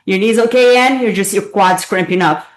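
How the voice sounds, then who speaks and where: This is a fitness instructor teaching a live online workout class, her medium-pitched voice moving at normal speed. She playfully encourages and cheers her students, running out of breath, and the distant mic puts her far off in an echoey room.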